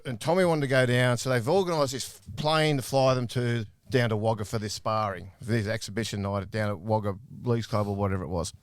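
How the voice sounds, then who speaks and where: A man with an Australian accent, telling a long anecdote as a guest on a podcast, casual and animated. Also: medium pitch, no room sound. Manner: animated, laughing storyteller. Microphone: podcast microphone.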